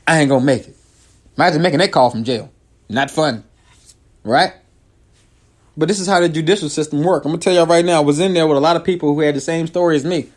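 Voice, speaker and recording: Talking at a quick pace, a comedian who hosts a show shares a personal anecdote with his audience. His casual, lively delivery jumps from loud, high bursts to hushed, low side remarks.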